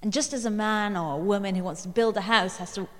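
Woman, sermon, reflective storytelling, pauses and fillers, mid pitch, long reverb. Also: fairly bright tone. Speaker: preacher.

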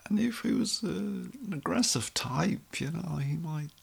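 A man's voice: a little high, lively intonation, unhurried, gravelly, slightly rough. A middle-aged Irish man telling a rambling, wry story in a casual monologue. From Ireland. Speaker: vlogger.

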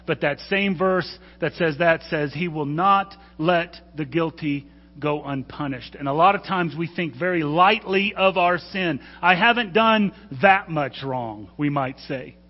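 A man preaching to his congregation in an earnest, urging way, now and then tripping over a word and correcting himself. His voice sits a little high. The sound is dull and rings with the long reverb of a church hall. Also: measured pace. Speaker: pastor. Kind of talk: sermon.

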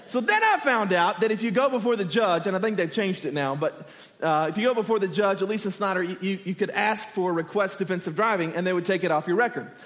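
A man in his thirties from Texas, a pastor preaching with animated, self-deprecating stories. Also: sits high, quick pace. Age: 30s. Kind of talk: sermon with humorous personal story. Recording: echoey church hall.

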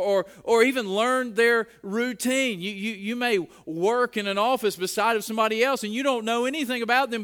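A man's voice: high-pitched, a bit bright. A middle-aged man preaching a sermon in a conversational way, often repeating words as he starts a phrase. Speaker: pastor.

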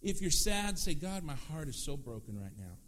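A man preaching a sermon as pastor, lively and conversational, acting out prayers and quoted voices. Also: a little high, moderate pace, a little hiss or hum.

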